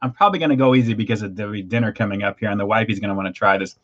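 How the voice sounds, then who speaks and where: Male food-review host on a livestream, excitable and gushing, slightly muffled desk-mic recording. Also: lowish voice, rapid-fire.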